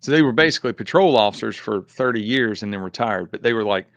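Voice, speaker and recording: Relaxed man hosting a podcast. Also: fairly low pitch, fast, creaky, no echo, dull audio. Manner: relaxed, conversational, frequent affirming murmurs. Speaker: podcast host. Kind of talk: casual podcast interview.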